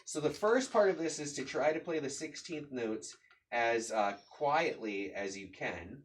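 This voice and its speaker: A man gives a relaxed drum lesson, counting beats out loud as he plays. His voice sits at an ordinary middle pitch. There is steady background noise with stick clicks behind him. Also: a little slow. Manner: patient, counts beats aloud while demonstrating. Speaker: drum teacher. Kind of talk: casual instructional explanation. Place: room with a drum kit.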